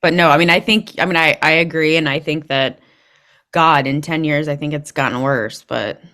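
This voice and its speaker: A woman's voice: deep voice, moderate pace, bright, forceful tone. A woman hosting an interview over a video call, answering in a hesitant way with many fillers. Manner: hesitant, filler-heavy responses. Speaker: host.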